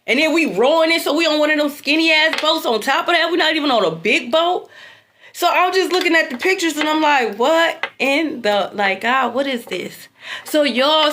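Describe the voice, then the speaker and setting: Young woman vlogging, high bright voice, talks to y'all, swears a lot, real lively storytelling. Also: slight background noise. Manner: animated, slangy, swears freely, addresses viewers as y'all. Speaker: intuitive tarot reader. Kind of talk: casual storytelling vlog.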